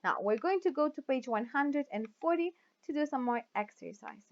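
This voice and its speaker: A woman teaching English grammar in a recorded video lesson, whose first language is Spanish. She reads example sentences aloud slowly and often checks with the class by asking "right?". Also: sits high, animated, muffled recording.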